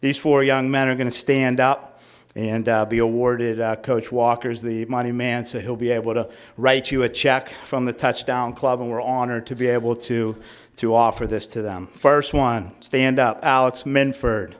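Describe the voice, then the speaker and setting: Smooth-voiced man coach announcing awards. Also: medium pitch, steady tone. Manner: announces names slowly, rambling asides with fillers. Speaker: high school football coach. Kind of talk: banquet awards speech. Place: school banquet hall.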